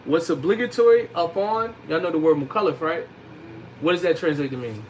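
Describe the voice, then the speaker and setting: A man with a fairly high voice teaches a classroom of youths. He talks casually and uses slang, and he recites Arabic phrases before explaining them. A faint air conditioning hum sits behind him. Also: fairly quick, low-quality recording. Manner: colloquial, slangy, addresses youths directly. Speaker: religious teacher. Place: classroom with young students.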